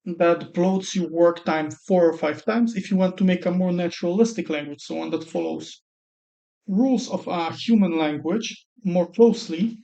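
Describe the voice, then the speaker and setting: A man's voice: high-pitched, moderate pace, dark tone. Man thinking aloud over dice rolls. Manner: thinks aloud while rolling dice, counts numbers under his breath. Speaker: tutorial creator. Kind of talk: screen-recorded tutorial narration. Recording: slightly dull lo-fi sound.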